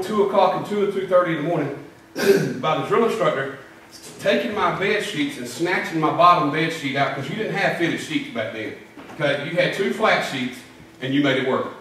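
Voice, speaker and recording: A man's voice: fairly high pitch, fairly bright tone, slight background noise. A middle-aged man preaching a sermon, telling folksy stories and doing drill-sergeant impressions. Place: church sanctuary. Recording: echoey church from far off.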